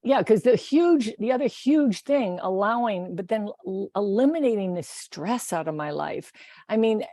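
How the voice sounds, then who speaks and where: Mellow-voiced woman, rambling warmly. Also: mid-range voice, expressive, normal speed, no room sound, clean studio sound. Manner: rambling, self-correcting, laughs often. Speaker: podcast guest, artist. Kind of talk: casual conversational interview.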